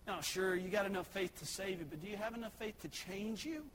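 A man preaching a sermon, swinging between loud exhortation and hushed earnestness. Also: sits high, brisk, slight background noise, low-quality recording.

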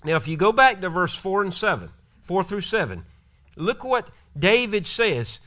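A pastor delivers a sermon in an earnest, exhorting manner, retelling scripture stories. His voice is high for a man and bright and forceful. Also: sing-song, moderate pace.

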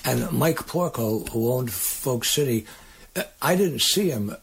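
An older man, a singer-songwriter guest, telling rambling, halting stories in a casual interview. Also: medium pitch, animated. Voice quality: raspy, gravelly.

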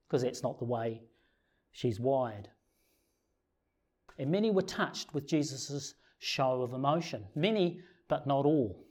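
A man preaching a sermon in a conversational way, often putting rhetorical questions to his congregation. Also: mid-range voice. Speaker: pastor.

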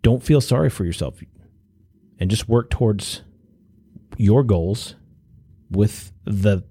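Earnest low-voiced male podcast host. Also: mellow, breathy edge, no room sound, clean studio sound. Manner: earnest, exhorting, with restarts and pauses. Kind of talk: motivational monologue.

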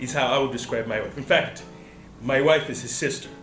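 A man's voice: mid-range voice, a little fast, echoey room, loud music behind the voice, rough recording. A man in casual chat, telling a story with lots of fillers and restarts, switching into Swahili now and then. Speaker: podcast guest.

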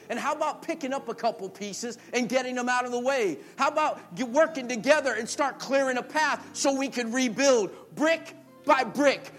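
A male pastor preaching a sermon, emphatic and repetitive, building to forceful calls. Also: very high-pitched.

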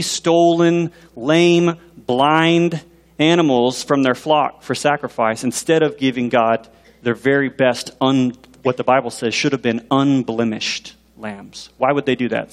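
Male pastor preaching, animated, keeps asking the crowd questions, long echo in a big hall. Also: medium pitch. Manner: animated, asks the congregation questions. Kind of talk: sermon. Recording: long reverb in a large hall.

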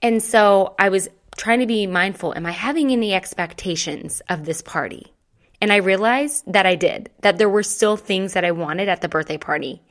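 Woman, 30s, casual storytelling, animated, chatty, quotes dialogue. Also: medium pitch, normal speed.

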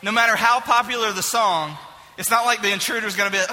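A man with a very high, sharp, bright voice delivers a comic sermon illustration to a live audience. He is animated and jokey, often shouting for emphasis. The sound carries through a reverberant hall with faint background noise. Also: quick pace. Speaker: speaker addressing a live audience.

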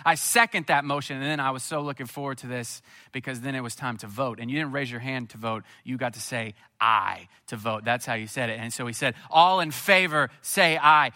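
A man from Missouri preaching a sermon, telling a personal story and then building to an emphatic, lively appeal. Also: medium pitch. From Missouri, USA. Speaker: pastor.

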